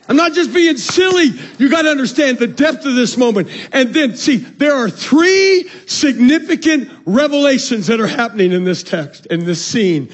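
A pastor preaches with a very high male voice, rising into shouts and falling to near-whispered low lines. He keeps calling out to the congregation and pulling them in as he goes. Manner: preaching with shouted peaks and sudden soft drops; calls out to the congregation. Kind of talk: sermon.

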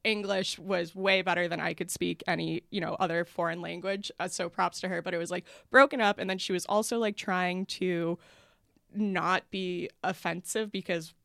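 A young woman comedian telling a college story as a podcast guest, animated and laughing often as she acts out what people said. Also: on the low side, moderate pace, creaky, dry recording, clean studio sound.

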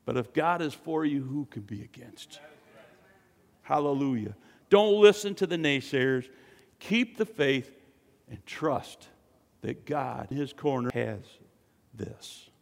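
Slow, echoing man preaching a sermon. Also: medium pitch, expressive, vocal fry. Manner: preaching with dramatic swells, jokes and acted quotes.

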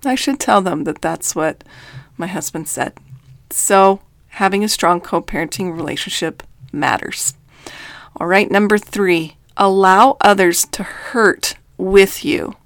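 A middle-aged woman speaks as a coach, earnest and emphatic in a faith-based reflective talk. Her pitch sits in an ordinary middle range. The recording is dry and close. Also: a little slow, no room sound. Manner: earnest, emphatic, with quoted voices. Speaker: life coach.

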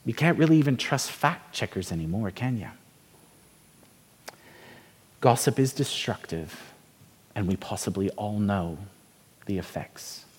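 A man's voice: fairly low pitch, animated, normal speed, darkish tone, slightly rough. A man preaching a sermon, telling a story and asking the congregation rhetorical questions in a conversational way. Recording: reverberant hall.

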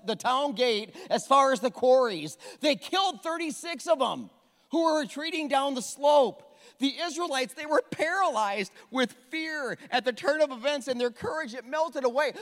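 Lively high-voiced man preaching in a hall. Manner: animated, joking, acts out the characters. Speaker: pastor. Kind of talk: sermon. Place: church hall. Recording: long reverb of a church hall.

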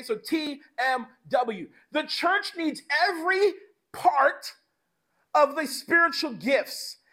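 A man pastor delivering a sermon in an animated, conversational way, mixing in slang. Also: very high voice.

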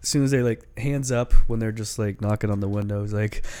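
A man's voice: fairly low pitch, fairly even intonation, fairly quick, warm tone, clear, resonant tone. A man hosting a casual chat, reading a story aloud in an amused, laid-back way and swearing casually.

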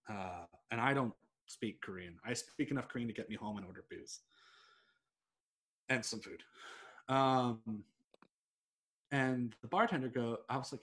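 A man's voice: lowish voice, fairly bright tone, husky. A young man, chatting casually and telling a long story, rambling with lots of "like" and swearing freely. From United States. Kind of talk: casual chat.

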